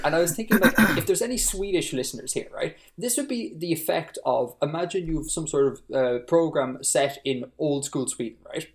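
A podcast co-host chatting casually, ranting with animation and rising pitch when worked up. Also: expressive, a little fast, few pauses.

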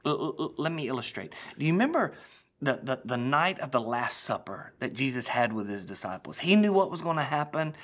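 A man preaching a sermon as a pastor, swinging between loud, emphatic lines and hushed, almost whispered ones. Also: medium pitch, sing-song, brisk.

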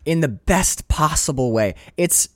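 A man co-hosting a casual podcast chat about a film, animated, acting out quoted lines and swearing casually. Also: measured pace, dry recording, studio quality. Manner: animated, acts out quoted dialogue with big pitch swings, swears casually. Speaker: podcast co-host discussing a film.

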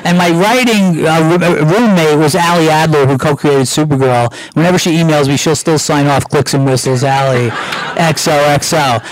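A man's voice: fairly high pitch, moderate pace, poor audio. A middle-aged American man, a guest screenwriter, casually telling anecdotes with lots of restarts and acted-out quotes.

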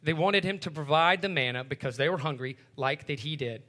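A man teaching through a Bible passage in a relaxed, conversational way, often checking in with his listeners by asking "right?". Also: fairly high pitch, fairly quick.

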